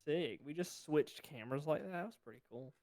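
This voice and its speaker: A man's voice: fairly high pitch, lively intonation, a little fast, a little mellow. A man co-hosting a casual wrestling podcast, chatty and easygoing, who talks to the listeners directly. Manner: chatty, self-described tech nerd, talks to the audience. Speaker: podcast co-host. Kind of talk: casual chat.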